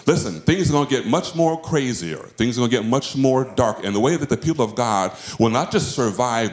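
A male pastor preaching a sermon, with emphatic delivery that swings between high, drawn-out phrases and low, quiet ones. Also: animated. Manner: emphatic preaching with wide swings in pitch and loudness. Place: church sanctuary. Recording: roomy church echo.

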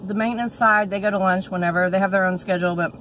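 A woman's voice: mid-range voice, steady tone, rapid-fire, a little hiss or hum, rough recording. Chatty woman vlogging. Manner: chatty and warm-hearted, fillers and restarts. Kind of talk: casual chat vlog.

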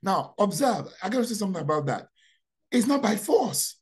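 Guy preaching a sermon, high voice, goes quiet then booms, keeps asking see that. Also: very animated, moderate pace, husky. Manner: dramatic, swings from low asides to loud proclamations; repeats phrases, asks rhetorical questions.

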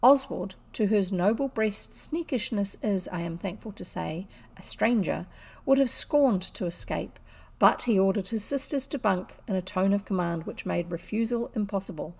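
A woman with a New Zealand accent, reading a classic children's story aloud in an expressive, measured way. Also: mid-range voice, vocal fry, slightly rough. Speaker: audiobook reader. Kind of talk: storybook narration.

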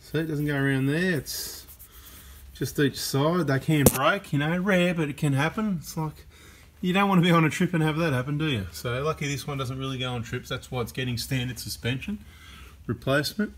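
A man's voice: on the high side, a little fast, a little hiss or hum. Joking Australian man in a workshop. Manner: chatty and joking, keeps checking in with "right?" and "mate". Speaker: mechanic and workshop host. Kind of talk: casual workshop commentary.

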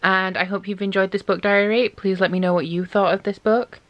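A woman's voice: mid-range voice, fairly even intonation, fairly quick, lo-fi sound. A young woman chatting casually in a book diary, gushing about what she reads and saying "like" a lot. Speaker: book vlogger.

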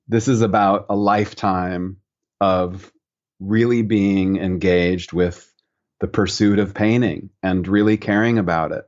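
A man from the United States, a guest painter on a podcast, talking in a relaxed, reflective way and telling stories. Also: low voice, a little slow, lo-fi sound. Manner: reflective, storytelling.

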